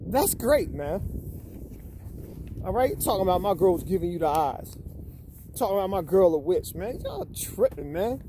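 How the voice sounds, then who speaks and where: A man's voice: high voice, big pitch swings, moderate pace, long pauses, warm tone. A man reading scripture aloud and calling people out in a casual, confrontational rant. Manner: accusatory, calls people out, tags lines with "man" and "bro". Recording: noisy background with passing vehicles.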